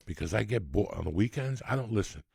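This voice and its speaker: Gravelly and husky, this man's lowish voice comes fast, with no room sound. In his 60s, he hosts a podcast of rambling, profane comic stories, told with animated energy as a comedy rant.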